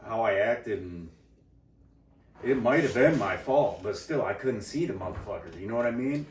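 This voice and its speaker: Heated and swearing freely, a male podcast co-host recounts a story during a casual chat, acting out the people in it. His voice is lowish with lively intonation at a normal speed, picked up by a distant mic in a roomy, off-mic recording with slight background noise.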